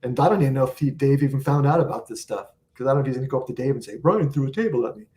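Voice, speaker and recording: A man's voice: mid-range voice, steady tone, very fast, warm tone. Man telling rambling rock-tour anecdotes. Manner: rambling anecdotes with acted-out quotes. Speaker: guest musician. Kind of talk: storytelling interview.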